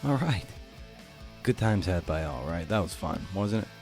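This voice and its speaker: A tired male podcast host with a deep, low voice speaks in a relaxed, hushed morning tone. Plucked guitar music plays clearly behind him. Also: moderate pace. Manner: laid-back, tired, slightly husky morning voice. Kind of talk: casual interview chat and outro.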